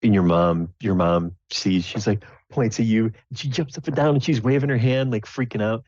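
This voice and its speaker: Male game master, deep, halting narration; dull, dry recording. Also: darkish tone, no room sound. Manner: rambling, halting, many fillers.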